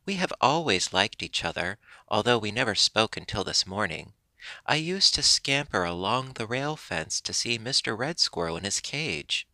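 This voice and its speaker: A man's voice: lowish voice, big pitch swings, normal speed, pushed and bright, dry recording, heavily acted. A man reading the part of a saucy, kind-hearted young female squirrel in a storybook. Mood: eager.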